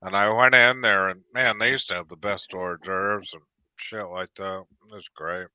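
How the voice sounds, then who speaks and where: A man's voice: low voice, steady tone, moderate pace, sharp tone, smooth, dry recording. A man casually chatting on a live stream, telling long rambling stories with many restarts. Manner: rambling storyteller, frequent restarts. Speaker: host. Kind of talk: casual chat.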